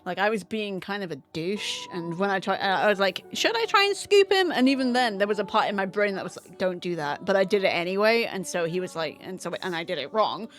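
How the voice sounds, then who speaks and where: A woman's voice: fairly low pitch, brisk, hardly any pauses. A woman streaming from home, chatting casually and candidly with her viewers while setting up a game. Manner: chatty and candid, greets chat by name, swears casually.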